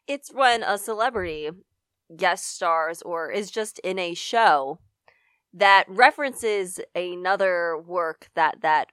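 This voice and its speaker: A woman co-hosting a podcast in casual chat, easygoing and quick to laugh. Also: lowish voice, fairly bright tone, clean tone, no room sound, clean studio sound. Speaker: podcast co-host.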